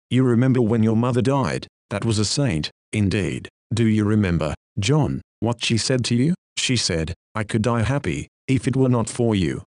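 A man's voice: lowish voice, a little mellow, no echo, studio quality. A man reading a sermon aloud as a preacher, in an earnest, pleading manner.

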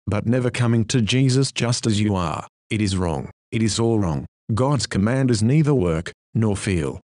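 A man delivering a sermon in an urgent, exhorting way, pressing the same command again and again. His voice sits at an ordinary pitch for a man. The recording is dry and close, with no room sound. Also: a little mellow, dry recording. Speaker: preacher. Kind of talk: sermon reading.

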